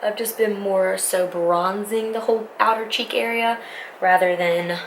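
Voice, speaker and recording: A woman's voice: mid-range voice, steady tone, unhurried, rough recording. Young woman rambling through a makeup tutorial at home, chatty, keeps breaking off mid-sentence, faint hiss behind. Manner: rambling, self-interrupting, talks while applying makeup. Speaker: beauty vlogger. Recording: faint background noise.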